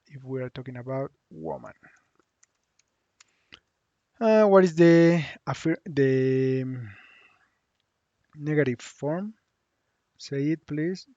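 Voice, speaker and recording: A man from Mexico, teaching a lesson online and saying the model phrases slowly so learners can repeat them. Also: fairly high pitch, creaky, a little mellow, no echo, lo-fi sound. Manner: slow, drawn-out model phrases for repeating aloud. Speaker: Spanish teacher.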